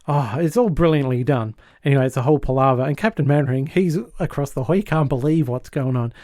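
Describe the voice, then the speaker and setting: Podcast host, man, mellow and warm tone, dry close mic, animated storyteller who chuckles. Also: medium pitch, quick pace, no room sound. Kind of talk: casual podcast chat retelling a sitcom episode.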